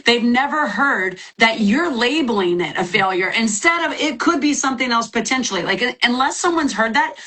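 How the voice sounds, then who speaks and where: A woman's voice: a little high, animated, normal speed, few pauses, bright, forceful tone. A woman guest from the American South, chatting energetically and teasing a little on a live stream. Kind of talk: casual chat from a live stream.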